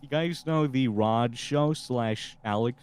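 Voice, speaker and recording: A man's voice: medium pitch, slow, darkish tone, clear, resonant tone. A man hosting a casual podcast over a voice call, laughing often and joking with his friends. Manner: laughing, joking, improvising characters. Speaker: podcast host. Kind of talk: casual chat with improvised voices.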